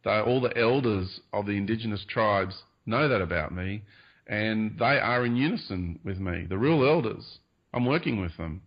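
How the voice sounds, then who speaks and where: A man speaking as a radio-show guest, talking earnestly about spiritual ideas, hedging often and pausing with fillers. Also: fairly low pitch, lively intonation. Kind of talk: spiritual interview talk. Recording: dull lo-fi radio audio.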